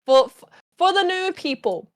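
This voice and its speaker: A playful woman co-hosting a stream, quick to giggle and exclaim. Her voice sits high, and her chat stays light and teasing. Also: very animated. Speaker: VTuber and podcast co-host. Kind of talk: casual chat on a livestream.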